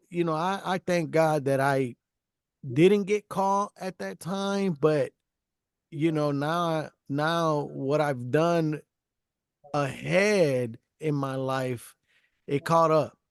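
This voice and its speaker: A man's voice: a little high, slow pace, clear, resonant tone, dry recording, studio quality. A man hosting a casual heart-to-heart talk, earnest and encouraging, often repeating his phrases. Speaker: podcast host.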